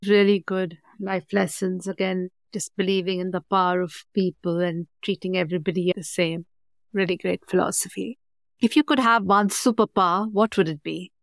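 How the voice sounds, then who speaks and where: A woman's voice: fairly low pitch, fairly even intonation, normal speed, dry recording, clean studio sound. A woman hosting a podcast, upbeat and encouraging, who interviews a guest and then reads a scripted sign-off. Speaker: podcast host.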